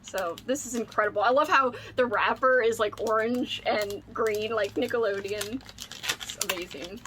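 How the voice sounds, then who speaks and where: A woman vlogging casually at home, gushing excitedly over an unboxing, squealing and laughing often. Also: a little high, moderate pace, a little hiss or hum.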